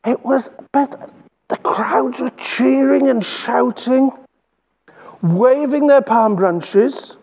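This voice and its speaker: A man with an English accent leading a lively children's Bible talk, coaxing the kids along and drawing out words slowly. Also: extremely high pitch, creaky, muffled recording.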